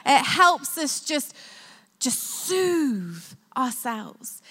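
High, bright-voiced woman preaching. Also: in a large hall. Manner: earnest, conversational preaching with prayer. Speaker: pastor. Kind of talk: sermon. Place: church hall.

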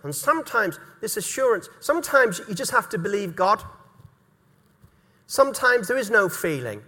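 A man's voice: high-pitched, very animated, normal speed, sharp tone, big-room sound. A middle-aged man from England, preaching a sermon earnestly and repeating key words for emphasis. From North East England. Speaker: pastor.

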